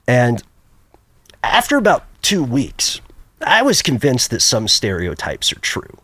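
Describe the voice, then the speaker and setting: Animated male storyteller, close dry sound. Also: a little slow, husky, no room sound. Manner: animated, jumps high for quoted voices. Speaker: podcast guest. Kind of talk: casual storytelling.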